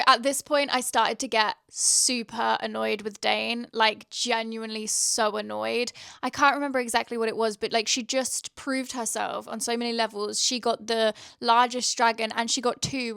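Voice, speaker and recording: A woman's voice: a little high, fairly even intonation, moderate pace, gravelly, fairly bright tone, clean tone, no room sound, clean studio sound. A young woman chatting casually in a reading vlog, gushing and rambling with lots of fillers. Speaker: book vlogger.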